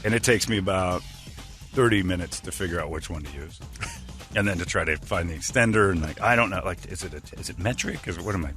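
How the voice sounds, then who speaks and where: A man's voice: deep voice, quick pace, bright, forceful tone, faint music behind. A man hosting a casual morning radio show, telling stories that mock himself and acting out other people's lines. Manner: self-mocking storyteller, acts out other people's lines.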